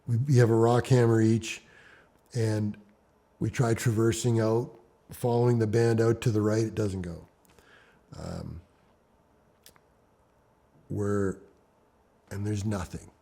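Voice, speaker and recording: Husky, dark-voiced man telling climbing stories. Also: fairly low pitch, takes it slowly, pauses often. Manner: animated storyteller, swings from hushed to loud. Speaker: interviewee, rock climber. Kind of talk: storytelling interview.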